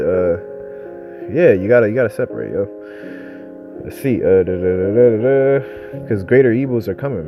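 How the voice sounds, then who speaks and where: A young man giving informal, rambling religious teaching in profane street talk, ending his phrases with "man". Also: lowish voice. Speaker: preacher.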